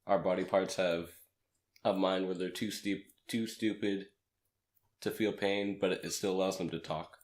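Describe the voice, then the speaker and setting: A man slightly raspy from a cold, rambling through a casual podcast chat as co-host and laughing at his own jokes. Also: sits low, fairly even intonation, normal speed. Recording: echoey room.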